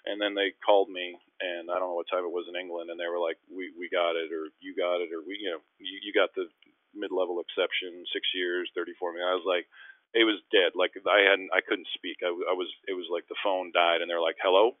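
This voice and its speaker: Fast-talking man on a phone line. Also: sits low, no echo. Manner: animated, acts out quoted voices, frequent restarts. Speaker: guest, former pro basketball player. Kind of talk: storytelling interview. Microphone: phone call.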